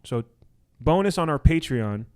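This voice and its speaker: A young man co-hosting a podcast in casual, joking chat, full of quick restarts. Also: on the high side, expressive, darkish tone, clear, resonant tone. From Washington D.C. area. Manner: hyped, joking, talks fast with restarts. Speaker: podcast co-host.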